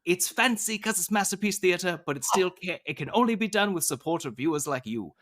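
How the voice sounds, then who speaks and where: A man's voice: sits high, expressive, fairly bright tone. A man co-hosting a podcast, wry and joking as he directs his partner. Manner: wry, directing, quick to joke. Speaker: podcast co-host. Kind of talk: casual podcast banter.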